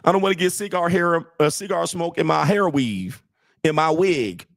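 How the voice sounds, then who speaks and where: A man's voice: fairly high pitch, normal speed, vocal fry, voice pushed up. A man putting on a mocking voice of a fussy, prim woman worried about smoke in her wig. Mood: whiny. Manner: mocking, whiny.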